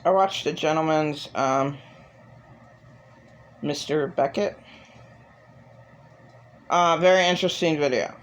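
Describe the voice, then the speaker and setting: A woman's voice: low voice, slow, pauses often, slight background noise. A woman vlogging in a rambling, profane monologue, venting with raw emotion. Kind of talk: casual monologue.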